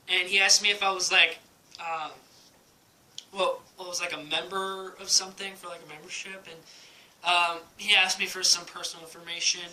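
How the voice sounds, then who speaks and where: A man's voice: high voice, sharp tone, poor audio. A young man telling a casual vlog story at home, rambling with many ums and likes and laughing often. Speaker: vlogger. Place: at home, indoors.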